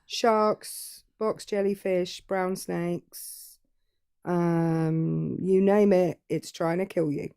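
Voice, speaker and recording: A woman's voice: on the low side, fairly even intonation, extremely slow, creaky, warm tone, smooth, dry recording. A British woman co-hosting a casual live-stream chat, teasing and dry. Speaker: co-host.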